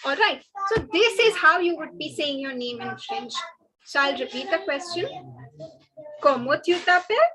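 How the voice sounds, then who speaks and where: Brief: woman teacher, bright and sharp tone, slow repeated pronunciation drills. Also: sits high, poor audio. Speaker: French teacher. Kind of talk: online language lesson. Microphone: webinar headset or computer mic.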